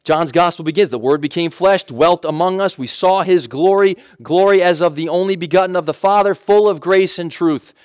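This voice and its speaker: A man's voice: sits high, moderate pace, few pauses, clear, resonant tone, no room sound, clean studio sound. A man preaching a sermon in a conversational way, with emphatic repetition and frequent self-corrections. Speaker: pastor.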